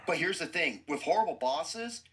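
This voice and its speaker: A man's voice: a little high, expressive, moderate pace, a bit bright, slight background noise, low-quality recording. A man hosting a podcast who gives a blunt, profane movie review with explosive outbursts.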